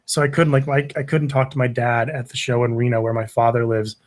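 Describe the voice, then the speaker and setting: A man's voice: mid-range voice, fairly quick. A man, a podcast guest, telling a story in casual chat, swearing and acting out what others said. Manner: animated, acts out quoted voices, swears often.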